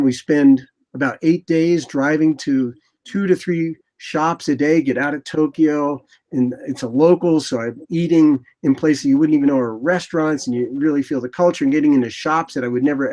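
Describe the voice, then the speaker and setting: A man in his sixties, a photographer guest in an interview, telling rambling, animated anecdotes and acting out what people said. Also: medium pitch. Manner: animated, rambling anecdotes with lively quoted asides. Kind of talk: casual interview storytelling.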